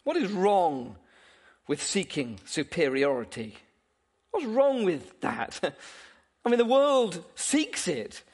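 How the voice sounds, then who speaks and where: A man's voice: high voice, sing-song, takes it slowly. A man preaching a sermon, asking his listeners questions and chuckling now and then, with frequent restarts.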